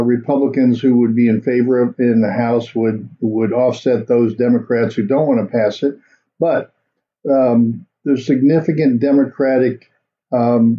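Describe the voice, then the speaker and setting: A man hosts a political commentary show, speaking in a loose, rambling way. His voice is very dark and mellow, and the recording sounds dull and lo-fi. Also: medium pitch. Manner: rambling, unscripted, with fillers. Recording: dull lo-fi audio.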